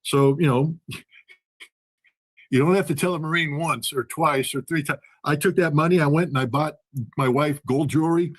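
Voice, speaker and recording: A man's voice: a little high, normal speed. A man, a former weapons inspector and ex-Marine, telling a story in conversation and acting out the dialogue.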